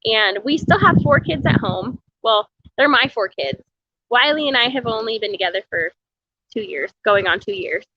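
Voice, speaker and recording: A chatty woman livestreaming from a meal kitchen, reading comments aloud and rambling with frequent laughter. Her voice sits a bit high and comes across bright and forward. The stream audio is dull and lo-fi. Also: animated, moderate pace, a little hiss or hum. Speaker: homesteading vlogger on a livestream.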